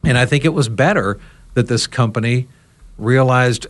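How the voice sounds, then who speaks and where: A talk radio host telling a story on a roundtable podcast and voicing both sides of a conversation. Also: male voice, medium pitch, normal speed. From United States.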